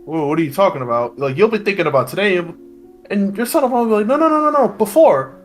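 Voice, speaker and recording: A man's voice: high-pitched, quick pace, soft background music. A man chatting casually, riffing on a friend's story by voicing what the kids might be thinking. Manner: relaxed, riffs on the story by imagining what the kids say. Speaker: podcast co-host. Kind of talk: casual chat.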